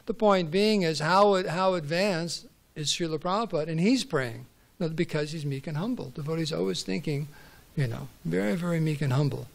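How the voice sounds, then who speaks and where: A man's voice: on the high side, normal speed, gravelly. A man teaching a devotional scripture class, telling stories and repeating words for emphasis. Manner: storytelling, repeats words for stress.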